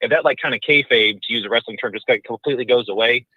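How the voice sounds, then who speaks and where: A man's voice: mid-range voice, quick pace, husky, no echo. A man calling into a show by phone, rambling through his point with many fillers. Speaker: caller. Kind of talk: casual chat. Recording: tinny, dry phone line.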